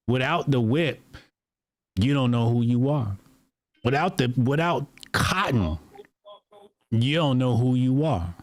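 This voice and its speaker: A man co-hosting a podcast, talking in a casual, animated, mocking way and often mimicking other people. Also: medium pitch, a little slow, no echo. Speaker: podcast co-host.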